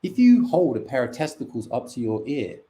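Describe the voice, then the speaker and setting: Man doing a deadpan stand-up set. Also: medium pitch, brisk. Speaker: stand-up comedian.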